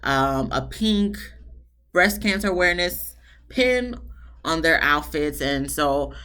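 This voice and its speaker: A woman's voice: slow pace, clean tone. Chatty woman reviewing a TV show. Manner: chatty and animated, jumps into high-pitched asides. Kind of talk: casual solo review chat.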